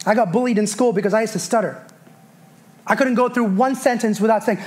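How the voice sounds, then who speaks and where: High-voiced man preaching with fervor. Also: brisk. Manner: passionate preaching with call-and-response to the congregation. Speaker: pastor. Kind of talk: sermon. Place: church sanctuary.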